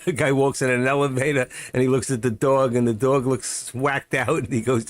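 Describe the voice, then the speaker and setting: This middle-aged man trades on a live stream, talking in a mid-range voice with fairly even intonation, fairly quick and with few pauses, in a space without echo. He rambles, mutters to himself, and chuckles through his casual stories.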